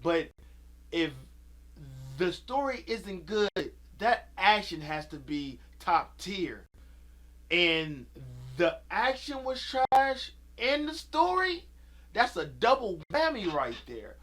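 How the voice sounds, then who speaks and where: A man's voice: high voice, big pitch swings, slow, a bit bright. A man giving an angry, profane rant about a movie, repeating himself as he vents. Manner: heated, profane, repetitive ranting. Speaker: video creator.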